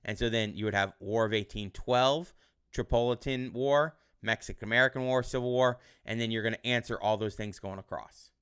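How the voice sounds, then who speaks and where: A male teacher giving casual online class instructions in a relaxed, rambling way with many fillers. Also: medium pitch, fairly quick, clean tone.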